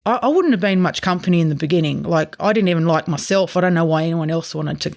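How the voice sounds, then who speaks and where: A woman's voice: on the low side, animated, quick pace, gravelly, a little mellow. An Australian woman, an irrigation farmer, talking openly and emotionally in a casual interview. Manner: open, emotional, chatty storytelling.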